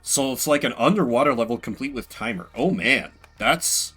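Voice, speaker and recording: A man's voice: medium pitch, animated, normal speed, bright, forceful tone, breathy edge. A man streaming a horror game, talking through it in chatty, self-mocking let's play commentary. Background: faint game music.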